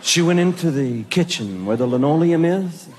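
An older man telling a stand-up story in an animated way, acting out both sides and laughing through his lines. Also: fairly high pitch, moderate pace, background noise. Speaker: stand-up comedian.

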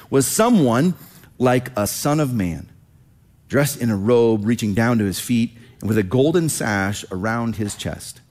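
A male pastor preaching with a mid-range voice. He talks in a conversational, animated way and acts out quoted lines as he explains the text. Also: mid-range voice. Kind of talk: sermon teaching.

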